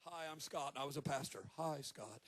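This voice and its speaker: A man in his fifties preaching a sermon as a guest preacher at a church service, telling stories with joking asides and rising to shouted peaks. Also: a little high, normal speed. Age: 50s.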